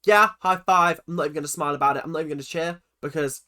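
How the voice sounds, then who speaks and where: Excitable reaction host. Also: medium pitch, rapid-fire. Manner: emotional, swearing, exclaiming. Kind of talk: casual reaction commentary.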